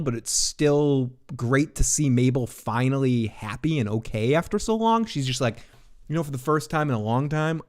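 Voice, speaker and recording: A man giving a casual, rambling spoiler recap of a TV episode in his apartment, excitable and swearing, his pitch jumping when he gets worked up. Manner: rambling, restarts often. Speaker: TV recap reviewer.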